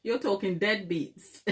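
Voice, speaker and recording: Hosting a baking channel, a middle-aged African woman chats casually with her livestream viewers, often laughing and calling them darling. Her medium-pitched voice carries a slight hiss or hum.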